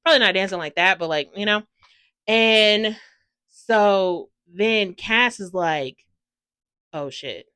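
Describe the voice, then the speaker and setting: A young woman reviews a book in a loose, gushing ramble, full of "like" and casual swearing. Her voice is bright and forward, and she sounds a little tired. It is recorded dry and close, with no room sound. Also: medium pitch, slow pace, clean tone, no room sound. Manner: gushing, rambling, excitable, swears freely, lots of "like". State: tired from no sleep.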